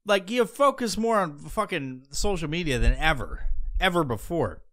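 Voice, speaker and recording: Male podcast host, casual profane monologue, rambling and sarcastic, voice sits a bit high. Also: big pitch swings, normal speed, a bit bright. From Pacific Northwest. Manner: rambling, crude, sarcastic, lots of fillers. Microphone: podcast mic.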